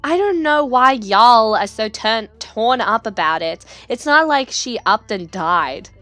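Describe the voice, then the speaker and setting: A woman plays a tough, unsentimental young contestant who sees elimination as business. Delivery is blunt and matter-of-fact, in a slightly high voice over faint game music. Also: animated, a little slow, a bit bright, no room sound.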